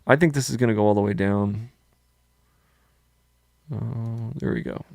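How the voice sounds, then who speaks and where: Gravelly-voiced man thinking aloud. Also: on the low side, measured pace, darkish tone, dry recording. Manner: thinks aloud, hesitant, says "dude" a lot. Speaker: co-host trading live. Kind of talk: casual live-stream chat.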